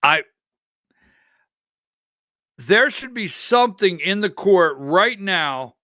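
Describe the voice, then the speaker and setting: A man's voice: high-pitched, expressive, takes it slowly, sharp tone, no room sound, clean studio sound. A man hosting a live political commentary show, agitated and exasperated, calling out instructions to his producer between remarks. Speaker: political talk show host.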